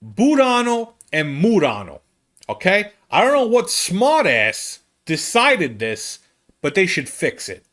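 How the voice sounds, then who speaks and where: A man, a comedian, telling a rambling travel story in an animated, casual way. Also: slow pace. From United States. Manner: animated, rambling, with big swings in pitch. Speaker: comedian host.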